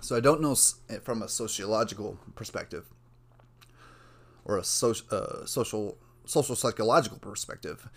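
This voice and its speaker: A young man rambling through a solo podcast, drifting between side rants and swearing freely. His voice sits fairly low. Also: moderate pace, slight background noise. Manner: meandering, casual, swears freely. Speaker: podcast host.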